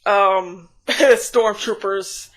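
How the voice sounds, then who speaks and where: A woman's voice: mid-range voice, fairly even intonation, extremely slow. A woman reviewer giving a casual, rambling scene-by-scene recap, chatty with frequent restarts and giggles. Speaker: show reviewer.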